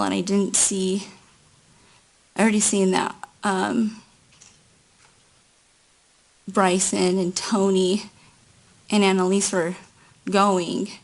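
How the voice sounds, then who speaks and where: A woman giving courtroom testimony at an unhurried, careful pace. Her voice carries a gravelly rasp at the bottom of its range, and she recounts events slowly and haltingly, pausing between phrases. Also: mid-range voice. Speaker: trial witness.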